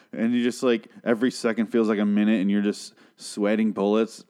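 A man's voice: fairly low pitch, level tone, a little mellow, clear, resonant tone. Rambling, sarcastic young man. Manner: rambling, sarcastic, swears, acts out characters in quick voices. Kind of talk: casual recap of a TV episode.

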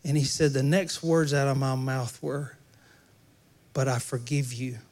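A man's voice: mid-range voice, fairly even intonation, unhurried, a little mellow. A man preaching a sermon in a church, talking conversationally and joking with the congregation. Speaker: pastor.

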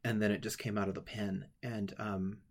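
A man telling a personal story with many halting restarts, tearful at times, then guiding listeners through a writing exercise. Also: fairly low pitch, little pitch movement. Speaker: writing workshop leader.

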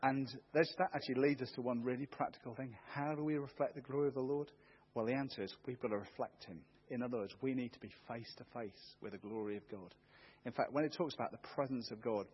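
A husky, medium-pitched voice belongs to a middle-aged preacher giving a sermon in church. He is earnest and rousing, building force as he quotes scripture, and the recording sounds dull and muffled.

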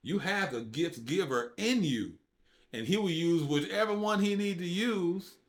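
Speaking at a measured pace, a guest from the United States recounts his faith testimony on a podcast. He acts out what people said with big leaps in his voice, telling the story in loose, informal speech with dropped verbs.

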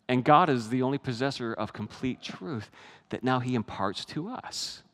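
A middle-aged man preaching a sermon as pastor, in a conversational style and acting out the voices he quotes. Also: on the high side. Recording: long reverb of a large hall.

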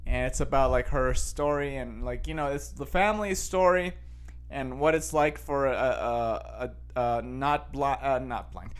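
A man's voice: medium pitch, unhurried. A young man from Costa Rica chatting casually as a show host, rambling with many fillers and restarts. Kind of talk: casual chat.

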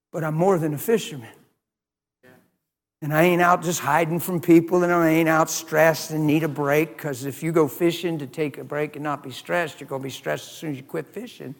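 A man preaches in a folksy, storytelling way. His voice sits high for a man, and his retellings swing from quiet asides to loud, excited bursts. The sound rings with long reverb, as if from a large hall. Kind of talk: storytelling sermon.

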